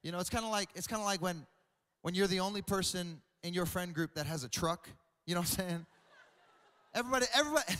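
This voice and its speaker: Young pastor guy joking around in a sermon, high bright voice, big echoey church hall. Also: fast talker. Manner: animated, joking, repeats words. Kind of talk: comedic sermon. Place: large church auditorium.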